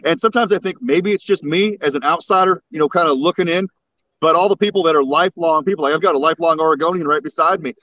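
A man with a slight Southern drawl and a rather high voice, easygoing and joking as he chats in from out on a boat. His audio is dry and dull, like a low-fidelity remote link. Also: sharp tone, no echo. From West Texas. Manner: easygoing, joking, drawn-out talk. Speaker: call-in guest. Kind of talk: casual chat. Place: outdoors on a boat.

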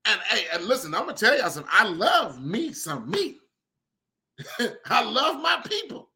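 Animated man with a bright, high voice. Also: normal speed. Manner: animated, chatty, talks to listeners directly. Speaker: podcast host and leather craftsman. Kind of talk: casual storytelling monologue.

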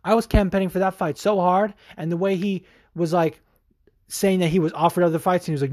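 A young adult man hosting a show, ranting with a profane, salty and animated delivery and frequent fillers. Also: sits high, a little fast, no echo, clean studio sound. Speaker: show host. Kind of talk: profane opinion rant.

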